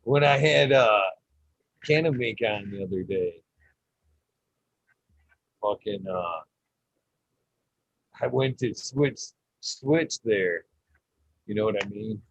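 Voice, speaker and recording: A man's voice: on the low side, expressive, takes it slowly, gravelly, pauses often. A man hosting a casual chat, rambling and swearing with lots of fillers while he shows his grow room. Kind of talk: casual chat on a video call. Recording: dull lo-fi call audio.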